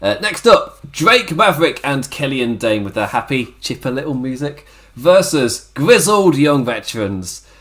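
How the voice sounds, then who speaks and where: Brief: hoarse man, animated pitch, chatty, self-mocking podcast co-host. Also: unhurried, few pauses. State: hoarse, worn-out throat. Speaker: podcast co-host reviewing wrestling. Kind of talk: casual chat.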